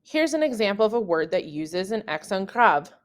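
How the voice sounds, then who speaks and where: The speaker is a woman teaching French through a scripted lesson for newcomers. She takes a careful, deliberate approach, though the examples bring lively jumps in her pitch.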